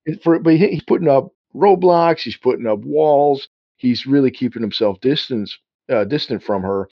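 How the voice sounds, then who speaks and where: A man co-hosting a relaxed film chat in a dry room with no echo. His talk rambles and restarts, and he keeps slipping into quoted dialogue. The sound is a little dull and lo-fi. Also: medium pitch, moderate pace. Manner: rambling, self-interrupting, acts out quotes. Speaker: podcast co-host. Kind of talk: casual film discussion.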